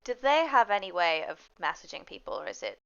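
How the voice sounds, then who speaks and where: A woman's voice: fairly low pitch, huge pitch swings, brisk, vocal fry, fairly bright tone, clear, resonant tone, no room sound. A woman playing a tabletop game, chatting and asking questions in a giggly way. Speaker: player. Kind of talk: casual tabletop play. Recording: dull lo-fi mic.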